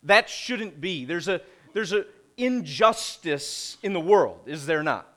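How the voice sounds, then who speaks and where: A middle-aged man preaching a conversational sermon, posing rhetorical questions and pausing deliberately. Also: on the high side, animated, fairly bright tone. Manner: slow, deliberate delivery with pauses. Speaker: pastor.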